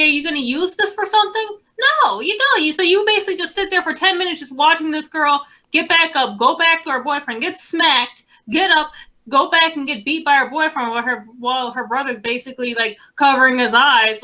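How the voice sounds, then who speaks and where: Casting: young female co-host, bright and slightly high voice, blunt and fed up. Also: a little fast, low-quality recording. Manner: blunt, exasperated, swears freely. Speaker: podcast co-host. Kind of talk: casual chat.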